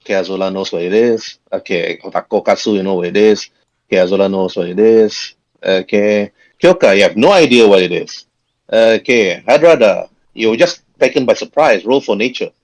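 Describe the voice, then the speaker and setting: A man running a tabletop game as game master, talking in a halting way with frequent chuckles. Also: on the low side, lively intonation, low-quality recording.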